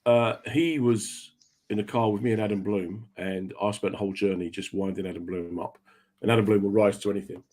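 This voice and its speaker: Hosting a radio show, a man with a lowish, darkish voice speaks briskly and with fairly even intonation. His storytelling is casual and chatty, and he slips into character voices for the people he quotes.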